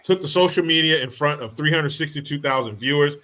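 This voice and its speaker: A man's voice: on the high side, fairly quick, few pauses, sharp tone. A man hosting a comedy podcast who delivers profane, mocking rants. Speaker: podcast host.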